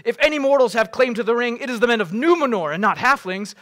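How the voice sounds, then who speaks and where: A preacher reading as a loud, power-hungry warrior. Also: male voice, very high voice, expressive, fast, voice pushed up. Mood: furious. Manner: loud, insistent, rising to shouts. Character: proud desperate male warrior craving power. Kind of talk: dramatic reading aloud.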